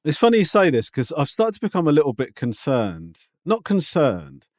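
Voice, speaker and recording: A man with a mid-pitched voice that moves a lot, recorded dry and close. He teases and questions his co-host in a skeptical way, stumbling over the first words of his sentences. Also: wildly swooping pitch, moderate pace, no echo. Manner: teasing, skeptical, stammers at sentence starts. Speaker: podcast co-host. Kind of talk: casual chat.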